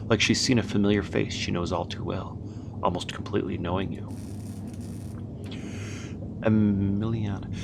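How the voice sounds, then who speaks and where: Gravelly, low-voiced man reading a game aloud. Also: steady tone. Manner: halting, many fillers and restarts between smooth reading. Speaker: gameplayer narrating. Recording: noisy home setup with background music.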